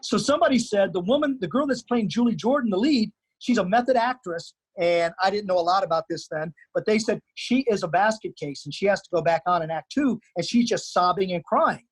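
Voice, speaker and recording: A man's voice: high-pitched, fairly quick, few pauses, breathy edge, low-quality recording. A man, a stage actor and teacher, telling theater anecdotes in casual chat, restarting his sentences as he goes. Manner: animated anecdotes with stammered restarts.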